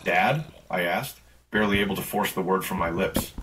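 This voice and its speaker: A man reading a first-person horror story in measured, tense storytelling. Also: sits low, level tone, background noise.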